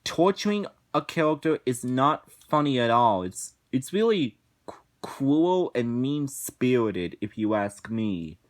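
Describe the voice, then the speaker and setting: A man delivers a casual review rant at a deliberately slow pace. His voice sits in an ordinary middle pitch, and he often restarts his phrases and repeats himself, with bursts of swearing. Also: expressive. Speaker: episode reviewer.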